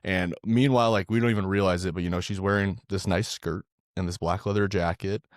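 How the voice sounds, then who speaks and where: A man's voice: low-pitched, steady tone, brisk, no room sound. A man co-hosting a podcast, reviewing a film in casual, profane chat and saying "dude" often. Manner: loose and profane, says "dude" a lot. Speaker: podcast co-host.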